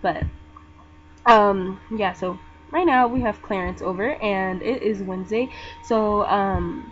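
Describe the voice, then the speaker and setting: Young woman gamer, soft and low-voiced, rambling chatty commentary over game music on a muffled mic. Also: slow. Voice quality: soft-spoken, talks low. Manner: rambling, chatty, lots of fillers. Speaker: gaming vlogger. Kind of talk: casual gameplay commentary.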